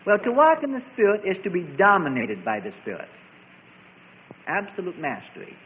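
A man with a high-pitched, lively voice preaches at a moderate pace, his pitch swinging up and down as he drives points home with repeated contrasting phrases. The audio is thin and tinny, like a sermon over a phone line, with a little hiss or hum.

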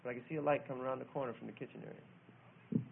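A man preaching a sermon, telling a childhood story and then reading scripture with loud emphasis. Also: mid-range voice, steady tone, fast talker, gravelly, heavy background noise. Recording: tinny phone-like old recording.

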